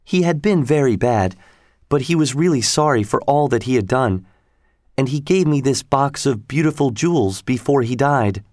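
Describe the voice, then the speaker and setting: A man doing a quiet, earnest young girl. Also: medium pitch, animated, normal speed, no echo, clean studio sound, voice pushed up, lightly acted. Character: calm, serious young girl.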